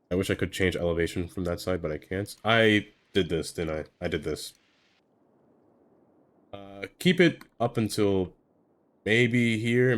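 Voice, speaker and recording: Low-voiced man rambling while he builds. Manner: rambling, self-talking, trails off with fillers. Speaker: streamer. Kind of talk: casual live-stream commentary while building.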